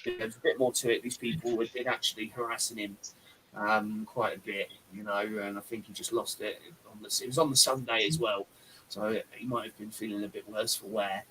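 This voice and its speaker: A man's voice: lowish voice, little pitch movement, a little fast, pushed and bright, a little hiss or hum, poor audio. A man hosting a casual live-stream chat, rambling and effusive, with lots of fillers and restarts. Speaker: host.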